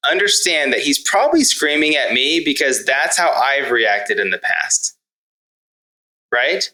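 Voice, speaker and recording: Guest: thirties man, bright forceful tone, reflective parenting coach, casual podcast talk. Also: mid-range voice, poor audio. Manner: earnest and reflective, with self-corrections. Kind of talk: conversational podcast interview.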